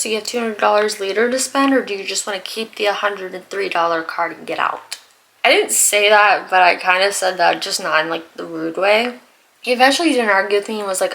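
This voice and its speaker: A young woman vlogger telling exasperated, animated stories about customers at work in a casual storytime while doing her makeup. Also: mid-range voice, vocal fry, low-quality recording. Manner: exasperated, animated retelling with laughs and sighs. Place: home, getting ready in front of the camera.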